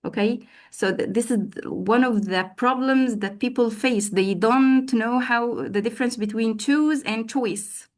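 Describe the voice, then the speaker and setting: A woman's voice: on the high side, unhurried, few pauses. Woman teacher trainer, live web class, chatty and encouraging, lots of fillers. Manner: lively, calls on participants by name, frequent fillers.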